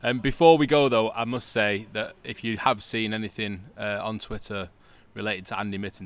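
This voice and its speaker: A man hosting a podcast from a stadium press box, brisk and teasing as he reads promos and wraps up. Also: fairly low pitch, steady tone. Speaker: podcast host.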